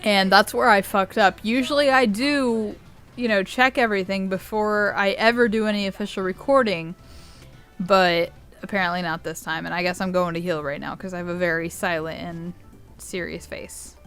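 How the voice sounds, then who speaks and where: A young woman talks through her gameplay in a loose, rambling way, giggling and cursing as she goes. Her voice is smooth and clear, of middling pitch. Faint music plays underneath. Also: fairly even intonation, normal speed, a bit bright. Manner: giggly, rambling, swears a lot. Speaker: gaming YouTuber. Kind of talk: casual game commentary.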